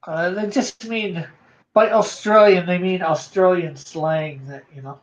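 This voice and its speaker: Host from canada, relaxed chat, reads out chat comments, muffled lo-fi audio. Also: medium pitch, unhurried. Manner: easygoing, reads viewer comments aloud. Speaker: live-stream host reading chat. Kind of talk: casual chat on a live drawing stream. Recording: dull lo-fi sound.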